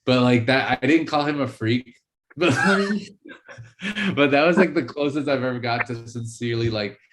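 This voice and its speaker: A man's voice: mid-range voice, normal speed, noisy background. A man co-hosting a casual podcast, telling a rambling story with lots of fillers and laughter. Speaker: podcast co-host. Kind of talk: casual chat.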